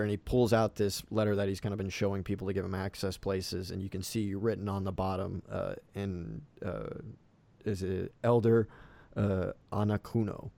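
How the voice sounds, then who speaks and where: Casual male game master, low mellow voice, dry close sound. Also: level tone, normal speed, creaky, no echo. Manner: casual, filler-heavy narration. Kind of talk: narrating a tabletop game.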